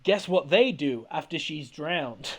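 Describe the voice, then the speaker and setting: A man's voice: on the high side, measured pace. Laughing, rambling man recapping a movie. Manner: rambling, laughing often, animated. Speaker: podcast host recapping a film. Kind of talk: casual comedic movie recap.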